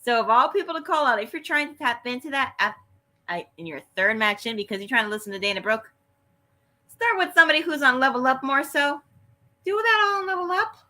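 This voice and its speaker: A woman's voice: sits high, animated, fairly quick, pushed and bright. A woman co-hosting a casual review chat, opinionated and emphatic. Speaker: co-host.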